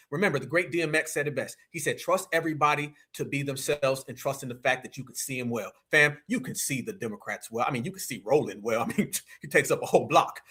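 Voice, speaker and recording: Animated high-voiced man ranting to "fam". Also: breathy edge. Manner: animated, preachy, mocking, repeats "fam". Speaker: livestream political commentator. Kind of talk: heated political livestream rant.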